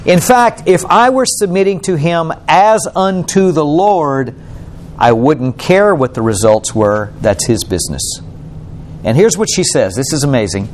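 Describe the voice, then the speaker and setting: Guy preaching a sermon, kinda high voice that jumps all over, asks the crowd questions, faint background hum. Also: sing-song, measured pace. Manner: questioning, explanatory, asks the congregation. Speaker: pastor.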